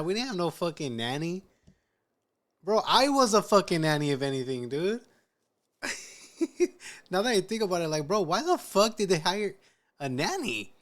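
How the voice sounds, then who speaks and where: A man's voice: fairly high pitch, fairly bright tone. A man reacts to a clip in loose, casual commentary, swearing easily and calling everyone dude and bro. His tone stays laid-back and conversational. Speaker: reaction host.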